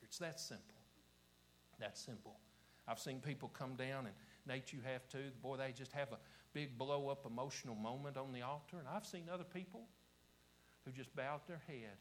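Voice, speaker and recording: A man with an Appalachian accent preaching a revival sermon to a church congregation, swinging from shouting to hushed whispers and repeating his phrases. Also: mid-range voice, moderate pace, slight background noise, rough recording. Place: church service before a congregation.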